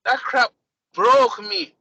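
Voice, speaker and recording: A man's voice: extremely high pitch, slow, creaky, no echo, low-quality recording. A man co-hosting a casual group podcast, telling stories animatedly and acting out what people said. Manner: animated storytelling with lively voiced quotes. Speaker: podcast co-host.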